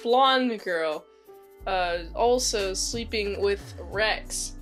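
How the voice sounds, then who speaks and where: A woman's voice: mid-range voice, extremely slow, fairly bright tone, faint music behind. A woman casually recapping a movie as a reviewer, rambling, cutting herself off and giggling. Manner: rambling, self-interrupting, giggly.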